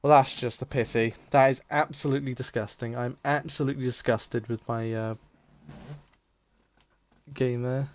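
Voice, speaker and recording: A man's voice: mid-range voice, fairly even intonation, moderate pace, long pauses. A man hosting a game walkthrough, talking casually and breaking into exasperated outbursts with lots of repeated words. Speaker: gaming channel host.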